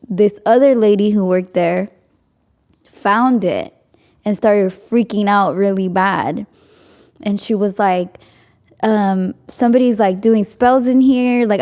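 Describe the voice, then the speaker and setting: Hosting a podcast, a young woman chats casually through a story, laughing frequently and dropping "like" again and again. Her medium-pitched voice is mellow, clear, and resonant.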